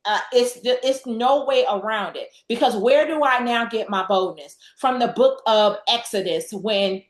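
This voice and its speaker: A woman guest in a faith-based interview, telling stories with scripture references and an animated delivery. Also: on the high side, unhurried, roomy sound. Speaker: guest, real estate investor.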